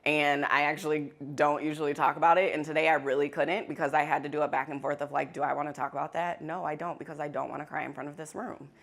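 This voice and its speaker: A woman facilitating a workshop in a conference room, talking to the audience in a candid, animated way and laughing easily. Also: sits low, fast, creaky, few pauses. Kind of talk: interactive workshop talk.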